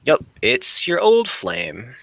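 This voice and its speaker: A man's voice: medium pitch, huge pitch swings, takes it slowly, creaky, a bit bright, a little hiss or hum, rough recording. A man narrating as game master of a tabletop role-playing game, rambling with frequent fillers.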